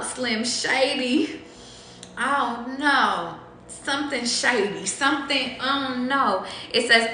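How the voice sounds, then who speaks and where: A woman's voice: a little high, bright, forceful tone, reverberant, a little hiss or hum. A young woman doing a casual live tarot reading, rambling and profane, thinking aloud with lots of ums. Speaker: tarot reader.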